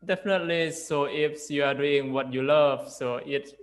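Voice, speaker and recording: A man's voice: a little high, steady tone, moderate pace, low-quality recording. A young man from Laos with a Lao accent, an English teacher talking casually and hesitantly, with many fillers and restarts. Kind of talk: casual interview chat.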